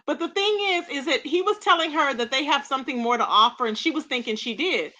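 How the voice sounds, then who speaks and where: A high-pitched woman hosts a casual live stream and gives gossip commentary, reacting to her chat with a lot of feeling. Her voice is bright and sharp, with a pointed edge. She laughs often and talks straight to her viewers. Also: quick pace. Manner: animated and expressive, laughs often, keeps saying "child".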